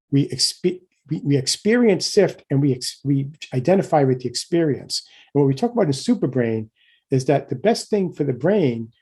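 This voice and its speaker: A middle-aged man giving a keynote lecture in a conversational way, often checking in with listeners and getting animated when he acts out examples. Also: mid-range voice, breathy edge. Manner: conversational, frequent restarts and "right?" asides.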